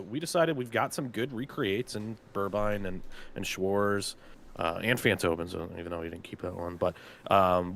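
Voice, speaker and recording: A man's voice: lowish voice, a bit bright, slight background noise. Chatty man announcing draft picks. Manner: chatty, loose, lots of filler words. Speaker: team general manager announcing draft picks. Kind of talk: casual live draft commentary.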